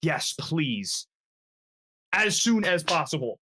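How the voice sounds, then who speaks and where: Bright high-voiced male player. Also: sing-song, slow pace. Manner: urgent, exasperated, laughing. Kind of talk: in-character tabletop role-play.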